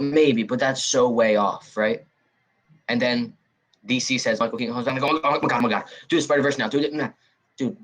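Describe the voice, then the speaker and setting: Low-voiced man ranting on a podcast. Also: fairly bright tone, rough recording. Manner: heated, blunt, repeats himself while ranting. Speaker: podcast co-host. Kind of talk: casual ranting podcast chat.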